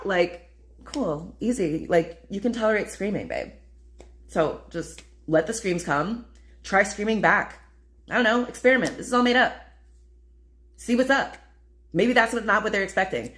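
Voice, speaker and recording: Chatty playful woman vlogger, lowish voice. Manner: chatty and playful, with many fillers and "babe". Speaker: spiritual vlogger. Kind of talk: casual spiritual vlog talk.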